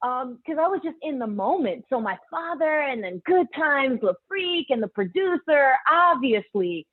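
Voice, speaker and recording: A young woman singer tells lively stories, slipping into other people's voices and laughing easily. Her voice sits a little high, and the sound is thin and phone-like. The recording is dry and close, with no room around it. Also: moderate pace, no room sound. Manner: animated, acts out quotes, laughs often. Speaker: singer and guest. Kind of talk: storytelling in a casual interview. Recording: tinny phone-line sound.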